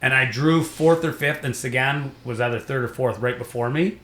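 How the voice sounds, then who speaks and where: A Canadian stand-up comedian with a mid-range voice talks at a normal speed in a podcast studio with a roomy echo. He's an animated storyteller, chatting casually and acting out other people's voices.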